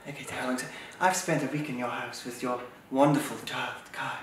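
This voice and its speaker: An actor playing a snobbish, condescending upper-class nanny who talks down to everyone and calls them darling. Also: male voice, medium pitch, fairly even intonation, a little fast, a bit bright, far from the mic, lightly acted. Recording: echoey room, off-mic, faint noise.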